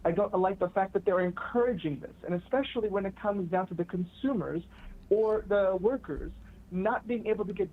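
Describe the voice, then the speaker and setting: A man's voice: high voice, slight background noise. Guy calling in on a crappy phone line, defensive, keeps repeating himself and stumbling. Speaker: caller. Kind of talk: heated call-in argument.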